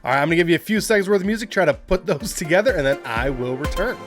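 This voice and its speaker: Male quiz host, a bit high-pitched, reads clues then chats offhand; light music bed. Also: lively intonation, racing, a bit bright. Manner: reads quotes aloud, then comments casually with asides. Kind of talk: hosting a movie trivia quiz.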